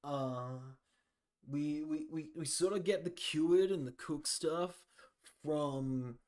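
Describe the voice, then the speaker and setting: A man's voice: on the high side, slow pace, a little mellow. A man voicing a broke, laid-back tavern hanger-on who talks in drawling slacker slang and calls everyone "man".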